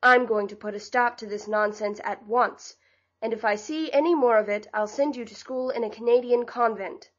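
A strict middle-aged father from an old storybook gives curt, commanding orders, voiced by a woman narrator. He is quick to anger and brooks no argument. The audio is a little dull and muffled. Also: fairly high pitch, steady tone, natural voice. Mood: stern.

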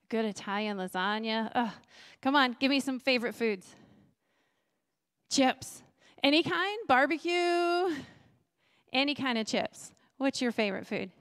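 A woman's voice: a little high, creaky, fairly bright tone. A woman pastor preaching a sermon in a chatty, bubbly way, laughing often and asking the congregation questions. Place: church sanctuary.

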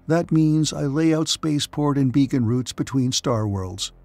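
A man's voice: medium pitch, a little slow, darkish tone, faint music behind, close to an everyday voice. A man voicing a worn-out engineer who speaks wearily and with irritation. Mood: weary. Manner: tired, weary delivery. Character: weary, irritable male engineer.

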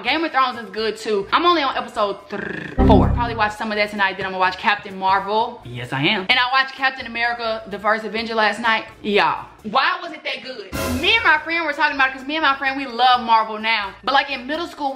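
A young woman vlogging casually from her home kitchen, rambling and chatty, talking to her viewers as y'all. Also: fairly high pitch. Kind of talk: casual chat. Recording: echoey room.

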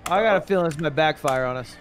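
A man's voice: fairly high pitch, fast talker, faint music behind. A man playing a tabletop game, casually thinking aloud while he plans his moves. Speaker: player. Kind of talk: tabletop game play over a call.

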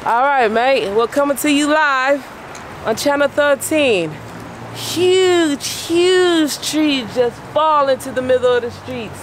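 A woman playing a loud TV news anchor with a put-on British-style accent. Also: high voice, slow pace, a little hiss or hum, pitched above the performer's own voice. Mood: announcing. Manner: loud, announcing.

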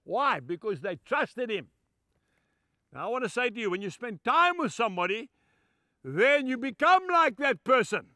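Older male preacher, very high bright voice, dry close sound, emphatic storytelling sermon. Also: very animated, normal speed, no room sound. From Zimbabwe. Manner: emphatic, heartfelt storytelling with warm asides.

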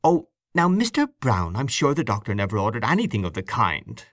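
A man's voice: lowish voice, wildly swooping pitch, a little fast, fairly bright tone, no room sound, studio quality. A man reading an audiobook, voicing a bold young woman at a party in a raised, lilting voice. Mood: teasing. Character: bold young Dublin party lady, teasing.

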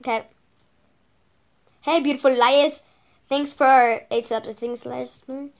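A woman's voice: sits high, fairly even intonation, a little slow. A female channel host giving casual reaction commentary on videos, rambling with lots of repeated okays and ums.

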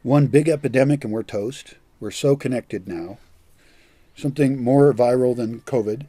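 A man's voice: mid-range voice, moderate pace, warm tone, no room sound. An older man giving a blunt, profane monologue as a vlogger, scornful and direct. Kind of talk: ranting monologue.

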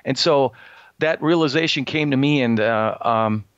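A man's voice: mid-range voice, unhurried, fairly bright tone, clear, resonant tone, dry recording. A middle-aged man speaking as an interview guest, telling a personal story earnestly with many restarts and fillers. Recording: slightly dull, lo-fi sound.

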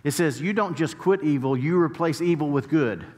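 A man's voice: on the high side, normal speed, darkish tone. A male pastor preaching a sermon, telling stories and building to emphatic points. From United States. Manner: storytelling preacher, rising to emphatic peaks. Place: church sanctuary. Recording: long church hall reverb.

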